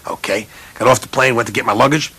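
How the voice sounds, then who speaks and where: A man with a husky, slightly breathy voice tells a funny story from his coaching days. His pitch sits in the middle of the male range, then leaps high whenever he imitates someone else. The delivery is animated and self-mocking. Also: fast talker. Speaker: college basketball coach. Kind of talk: humorous storytelling speech.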